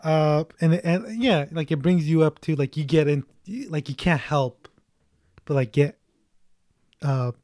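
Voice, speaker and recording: A man's voice: on the high side, measured pace, darkish tone, no echo, clean studio sound. A man co-hosting a casual movie chat, joking and rambling, laughing often.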